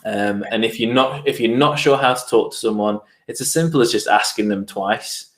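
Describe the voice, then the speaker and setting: A man's voice: lowish voice, moderate pace, a bit bright. A man talking earnestly as a guest on mental health, often repeating his phrases. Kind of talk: casual interview chat. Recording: roomy echo.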